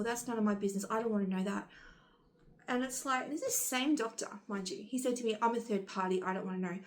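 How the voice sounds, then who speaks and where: A young woman vlogging in a loose, rambling way. She talks casually to her camera at an ordinary middle pitch. Her retellings turn exasperated. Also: fast talker.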